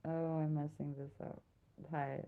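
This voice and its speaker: Slow-talking, giggly young woman streamer. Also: deep voice, little pitch movement, phone-quality sound, very noisy. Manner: giggly, self-mocking, rambling. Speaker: live streamer. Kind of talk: casual live-stream chat.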